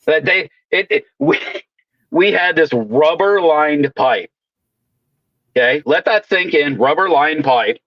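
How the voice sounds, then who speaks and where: A man's voice: fairly high pitch, expressive, slow pace, no room sound, muffled recording. A man telling rowdy work stories in casual, profane chat, swearing constantly. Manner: swaggering storyteller, swears constantly. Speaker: welder co-host.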